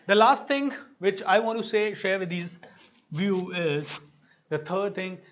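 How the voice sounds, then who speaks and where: A man's voice: high voice, measured pace, fairly bright tone, highs cut off, slight background noise. An Indian man giving a motivational talk as a coach, telling stories animatedly and acting out quoted voices. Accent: Indian English.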